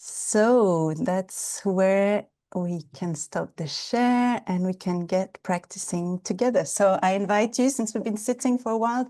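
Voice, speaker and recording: A woman teaching an online qigong class over a video call, explaining things gently and calmly with some hesitant fillers. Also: mid-range voice. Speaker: Chinese medicine therapist and qigong instructor.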